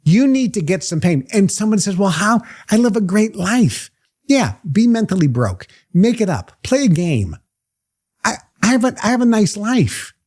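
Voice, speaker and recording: Man, motivational speaker, emphatic, rhetorical questions, lively swooping pitch. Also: normal speed. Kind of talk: motivational talk to a live group.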